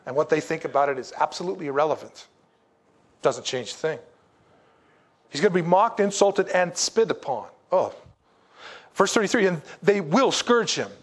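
Pastor, male, high-pitched, jokes through a sermon and drops to low, quiet emphasis for weight. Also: expressive, normal speed, pauses often.

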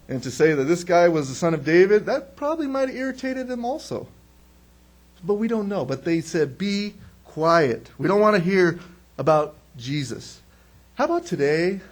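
A man preaching a sermon in a conversational way, asking questions and answering them himself, and acting out quotes. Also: a little high. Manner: animated, acts out quotes. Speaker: pastor.

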